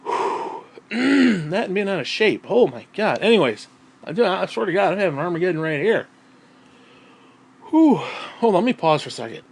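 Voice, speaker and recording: A man ranting casually at home, profane and rambling, often clearing his throat and short of breath. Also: high voice, very animated, normal speed. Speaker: vlogger.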